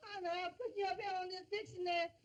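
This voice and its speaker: A woman's voice: extremely high pitch, flat delivery, fast, lo-fi sound. A woman playing a kindly, fretful caretaker of a tiny man, worried and tearful, in 1930s film comedy acting.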